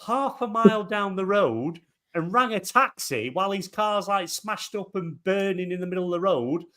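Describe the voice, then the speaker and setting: A man on a gaming podcast, telling animated, swear-laden stories and acting out the quotes. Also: high voice, moderate pace. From England. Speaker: podcast panelist. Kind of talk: casual chat.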